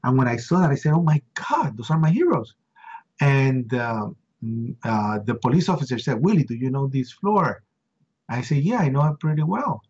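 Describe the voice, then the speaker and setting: A middle-aged Puerto Rican man, an interview guest, recounts an eyewitness story with emotion, acting out the voices of people he quotes with rising pitch. His voice is a little mellow with a breathy edge, swinging widely in pitch at normal speed. The recording is dull and lo-fi.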